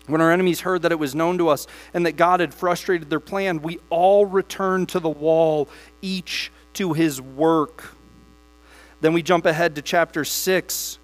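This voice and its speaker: A man preaching a sermon who reads scripture aloud with emphasis and then talks casually to his congregation. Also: on the high side. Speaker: pastor.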